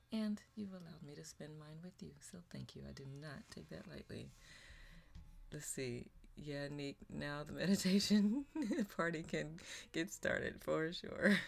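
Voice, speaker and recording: A woman's voice: deep voice, vocal fry. A woman hosting a meditation livestream, chatting casually, greeting viewers by name and laughing often. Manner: warm, affectionate, laughs often, reads out chat names. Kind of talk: casual livestream chat reading viewer comments.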